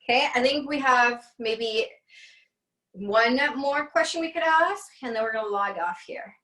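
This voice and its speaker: A woman's voice: on the high side, a little slow, sharp tone, echoey room, distant mic, rough recording. A woman teaching an online class in a casual, chatty way, laughing often, on a video call.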